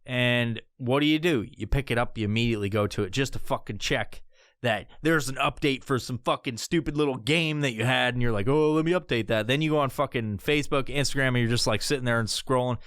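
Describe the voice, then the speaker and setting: A young adult man hosting a podcast, ranting casually and profanely, often jumping into squeaky high voices for bits. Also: a little fast, fairly bright tone, no room sound, clean studio sound. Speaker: podcast host. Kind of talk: casual comedic podcast rant.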